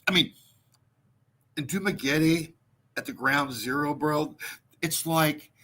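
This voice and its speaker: A man hosting his own show, ranting in a mocking, profane way and breaking into laughter. His voice sits high for a man. The tone is strikingly bright. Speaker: show host. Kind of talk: mocking comic rant.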